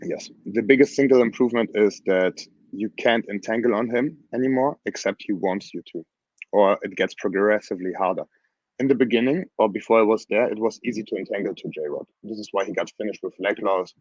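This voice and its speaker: A man coaching grappling, talking bluntly and with energy in a casual interview, his voice hoarse from screaming. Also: fairly low pitch, brisk, no room sound, lo-fi sound. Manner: animated, blunt, plain phrasing.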